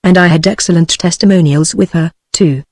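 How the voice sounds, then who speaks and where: A woman's voice: fairly low pitch, fairly quick, no room sound, clean studio sound. A text-to-speech voice of a woman with a British English accent reading the lines of an anxious female singer, with no change of voice. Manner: flat synthetic reading of dialogue.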